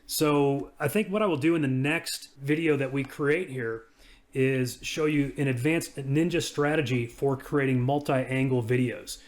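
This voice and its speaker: Brief: everyday male reviewer, mid-pitched, easygoing screen-demo narration. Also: a little slow. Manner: casual, talks through each click. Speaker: software reviewer. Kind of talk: screen-recorded software walkthrough.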